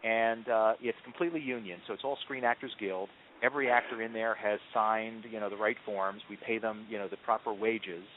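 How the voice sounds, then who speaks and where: A man's voice: on the low side, a little fast, few pauses, a little hiss or hum. Man telling stories down a phone line. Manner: animated storyteller, frequent ums and restarts. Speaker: marketing executive guest. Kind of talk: conversational interview answers. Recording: tinny phone-line audio.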